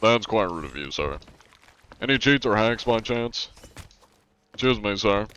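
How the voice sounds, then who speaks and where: A man's voice: fairly low pitch, expressive, unhurried, fairly bright tone, clear, resonant tone. A man voicing an overly polite, formal anti-cheat inspector character in an online game stream. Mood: mock polite. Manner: courteous, formal address.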